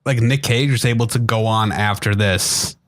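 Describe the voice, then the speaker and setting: A man co-hosting a podcast, chatting casually about a movie and chiming in with quick agreement and small impressions. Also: on the low side. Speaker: podcast co-host. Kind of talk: casual movie recap chat.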